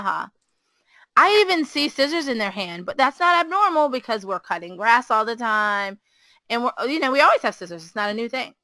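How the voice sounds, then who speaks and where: A woman, a preschool teacher, chatting casually and telling an animated story, acting out the quotes with a higher voice. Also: dry recording, rough recording.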